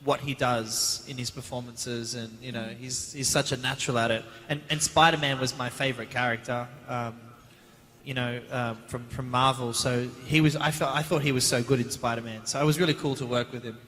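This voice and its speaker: A man with an Australian accent, an actor answering audience questions on a convention panel in a lively, joking way, slipping in and out of other voices. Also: mid-range voice, a little fast. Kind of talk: casual Q&A storytelling. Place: large convention hall with an audience. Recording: long reverb of a big hall.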